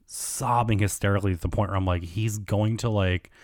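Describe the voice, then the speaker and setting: A man's voice: lowish voice, steady tone, fairly quick, a little mellow, no room sound, clean studio sound. A man hosting a solo podcast, rambling through celebrity gossip in a casual way, with constant fillers and swearing. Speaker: podcast host.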